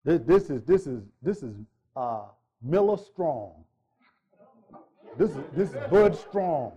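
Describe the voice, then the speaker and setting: A man's voice: on the high side, animated, slow pace, mellow, breathy edge. A male pastor preaching a sermon in a church, emphatic, repeating phrases and joking with the congregation.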